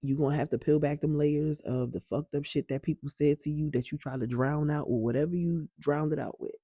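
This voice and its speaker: Candid woman vlogger, husky voice, a bit gravelly, cussing and real with her viewers. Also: sits low, steady tone, fairly quick, mellow, no room sound, clean studio sound. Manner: candid and emphatic, swears freely. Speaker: wellness vlogger. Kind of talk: casual talk to camera.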